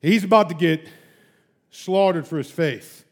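A man preaching a sermon, emphatic and animated, with loud peaks, soft drops and casual rhetorical asides. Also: fairly high pitch, a little slow. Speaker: pastor.

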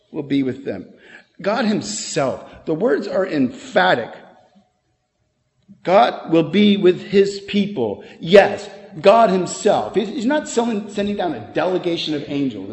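Earnest preacher in an echoing hall. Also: male voice, on the high side, big pitch swings, vocal fry, darkish tone. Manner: earnest preaching, rising to emphatic, with quick asides. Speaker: pastor. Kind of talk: sermon. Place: church sanctuary. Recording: long hall reverb.

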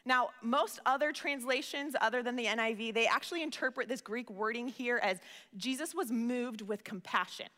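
A woman preaches in a high, bright voice that carries through a reverberant hall. She talks earnestly and conversationally, often doubling words as she begins a thought. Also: normal speed. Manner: earnest, conversational, repeats words when starting phrases. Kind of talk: sermon.

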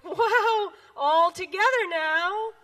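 A woman's voice: sits high, lively intonation, takes it slowly, dry recording, recorded from a distance. A woman doing a squealing, gleeful storybook frog. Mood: ecstatic. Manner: squealing, exuberant cries. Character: joyful dancing frog in a storybook.

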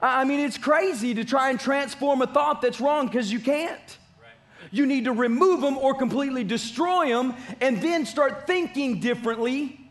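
A pastor delivers a sermon with a strikingly high-pitched male voice. He preaches emphatically, hammering home his points through repetition, as if speaking in a church. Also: moderate pace. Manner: emphatic preaching with repeated phrases.

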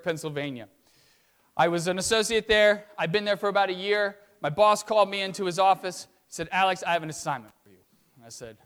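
A man's voice: high-pitched, a bit bright. A middle-aged man from Virginia, a pastor preaching a sermon in a conversational, storytelling way, often checking in with his listeners. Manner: conversational storytelling with tag questions.

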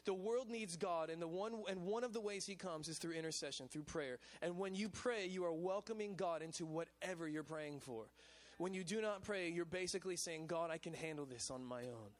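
Guy pastor preaching to college kids, high voice, super chatty, keeps saying man. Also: normal speed, few pauses. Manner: casual and chatty, with repeated "man" and "you know what I'm saying". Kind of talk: lively sermon. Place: church service.

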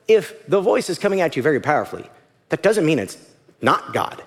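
A man's voice: fairly high pitch, sing-song, a little fast. A man preaching a sermon as pastor, conversational and emphatic, voicing quotes to make his points. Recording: reverberant hall.

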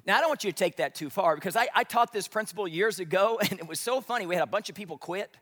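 A pastor preaching a sermon, telling stories with animated delivery and acting out his listeners' voices. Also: high-pitched, fast talker, in a large hall. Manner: animated storytelling, acts out congregants' voices.

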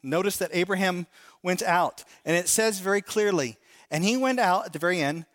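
A man preaching a sermon as a pastor, stressing key phrases by slowing down and acting out imagined prayers in a higher voice. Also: a bit bright.

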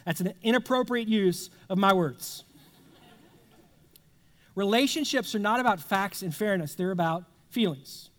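High-voiced man preaching in a reverberant hall. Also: a little slow, long pauses. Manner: conversational, acts out little dialogues. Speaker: pastor. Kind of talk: sermon. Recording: long reverb of a large hall.

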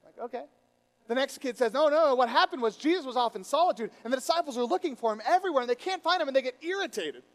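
Man, high voice, sermon, lively storytelling, acts out quotes, quiet reflective asides. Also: rapid-fire, few pauses. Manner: drops to a quiet, intimate tone for reflection. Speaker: pastor.

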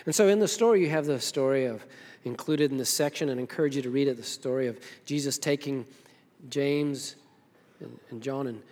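A pastor preaching in an echoing hall. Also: male voice, mid-range voice, a little fast. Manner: lively storytelling, acts out the characters' lines. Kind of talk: sermon.

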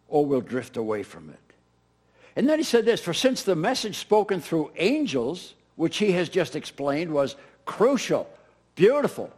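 A man's voice: fairly high pitch, husky. A middle-aged man preaching a sermon as pastor, emphatic and repeating key phrases. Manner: animated, emphatic preaching with repetitions.

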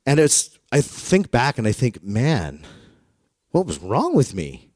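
A man in his thirties preaching a sermon through personal stories, in a conversational, self-deprecating manner that grows animated when he retells dialogue. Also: medium pitch, slow, no echo, clean studio sound. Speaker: pastor. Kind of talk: storytelling sermon.

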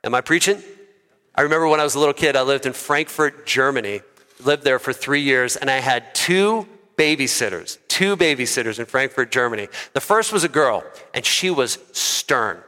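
A man preaching a sermon as a pastor, conversational and lively, asking the congregation questions. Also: medium pitch, normal speed. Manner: lively and conversational, asks the crowd. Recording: long hall reverb.

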